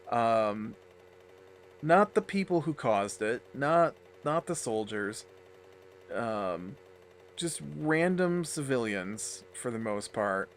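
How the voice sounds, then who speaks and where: A man with a mid-range voice chats loosely over his gameplay, stringing thoughts together with plenty of ums and restarts. A faint hiss of background noise sits under his voice. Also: mid-range voice. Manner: rambling, filler-heavy, chatty. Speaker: let's play host. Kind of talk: casual gameplay commentary.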